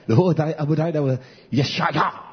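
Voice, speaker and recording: A man preaching a sermon to his congregation, repeating phrases and building to loud, high emphatic peaks. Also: quick pace, breathy edge. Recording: dull lo-fi recording.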